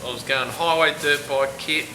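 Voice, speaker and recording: A man's voice: a little high, fairly even intonation, moderate pace, echoey room, background noise. An Australian man, a motorcycle rider, telling a rambling casual story.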